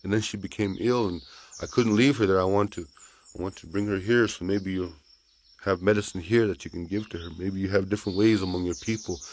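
A man voicing Turtle, a gentle young male suitor who speaks in soft, earnest pleas. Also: low voice, steady tone, brisk. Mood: pleading.

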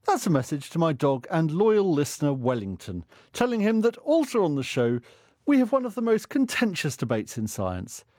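A man hosting a radio science show, presenting in a lively, playful way. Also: fairly high pitch, normal speed, dry recording, clean studio sound. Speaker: host.

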